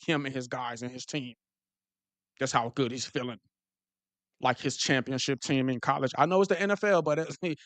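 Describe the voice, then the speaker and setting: A man whose voice sits on the high side chats casually about football to his live viewers, full of slang and repeated restarts. He sounds animated, and the recording is dry.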